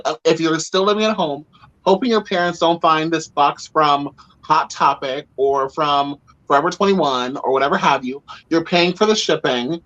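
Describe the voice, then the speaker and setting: An earnest podcast host talks through a casual panel chat in a mid-pitched voice. Speech is emphatic and full of fillers. The recording sounds a little dull and lo-fi. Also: fairly bright tone. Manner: earnest, emphatic, frequent "like" and "you know".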